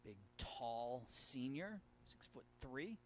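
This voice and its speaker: A man doing live play-by-play of a high school baseball game from an outdoor field, steady and rising sharply on big plays. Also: slow pace, slight background noise. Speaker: play-by-play announcer.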